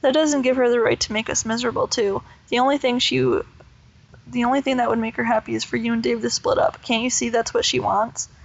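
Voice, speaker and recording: A woman's voice: fairly high pitch, fairly even intonation, brisk, muffled recording. A woman voicing a frustrated, insistent young girl arguing with her mother. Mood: upset insistent. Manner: upset, insistent. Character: frustrated, protective preteen girl.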